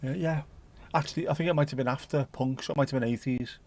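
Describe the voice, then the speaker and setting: A male livestream host with a medium-pitched, darkish voice talks fast with fairly even intonation. He reads out viewer messages and rambles jokily, full of swearing and British slang.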